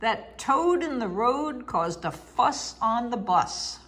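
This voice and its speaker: A woman's voice: fairly high pitch, very animated, slow, a bit bright, heavily acted. A woman voicing a fussy bus driver. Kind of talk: storybook read-aloud.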